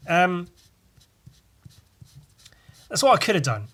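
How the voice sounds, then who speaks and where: A man's voice: medium pitch, lively intonation, measured pace, long pauses, fairly bright tone. Rambling, profane young man. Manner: profane, meandering, wry and full of fillers. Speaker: podcast host. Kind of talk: rambling solo storytelling.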